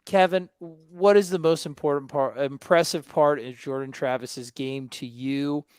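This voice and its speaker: Male host, slightly high, dry close sound, jokey and teasing. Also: steady tone, unhurried, clean tone, no room sound. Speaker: podcast host. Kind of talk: casual podcast chat.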